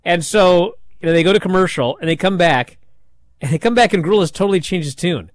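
A man's voice: high voice, lively intonation, fairly quick, a bit bright, dry recording. A man hosting a sports talk show, telling stories in casual chat, rambling with lots of fillers. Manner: rambling storyteller with many fillers. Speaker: wrestling radio show host.

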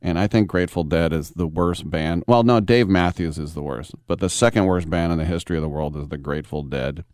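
A man's voice: sits low, a little fast, few pauses, a little mellow, smooth, no echo, studio quality. A man hosting a sports talk radio show, telling rambling, wry stories with many asides. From San Francisco Bay Area.

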